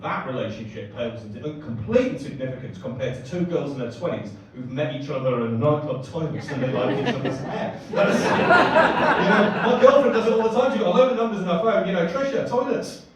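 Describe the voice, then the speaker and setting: A man's voice: on the high side, very animated, brisk, hardly any pauses, noisy background. Self-mocking man doing stand-up. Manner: chatty, self-mocking, breaks into laughter. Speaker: stand-up comedian. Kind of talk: stand-up comedy set. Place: comedy club stage before a live audience. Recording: echoey live room, distant mic, crowd laughter.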